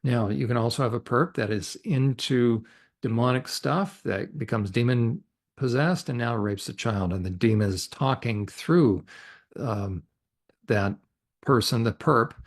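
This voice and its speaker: A man's voice: mid-range voice, unhurried. A male counselor speaking as a podcast guest in an earnest, faith-based teaching talk, emphatic and posing rhetorical questions he answers himself.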